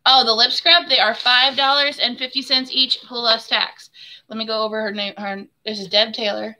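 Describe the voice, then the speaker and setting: Bright, chatty woman hosting a live stream. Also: fairly high pitch, little pitch movement, moderate pace. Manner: chatty and friendly, addresses viewers as hon and my friend; laughs often. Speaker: soap maker hosting a live giveaway. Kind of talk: casual live stream chat.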